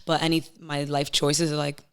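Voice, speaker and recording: Candid young woman guest, low-pitched. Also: normal speed, clean tone. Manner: candid, emotional, animated storytelling. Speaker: podcast guest. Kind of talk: casual chat.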